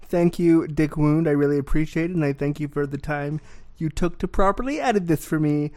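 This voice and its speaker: A Canadian woman hosting a podcast, chatting in a lively, rambling way with quick tangents. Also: deep voice, no room sound. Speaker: podcast host. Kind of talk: casual interview chat.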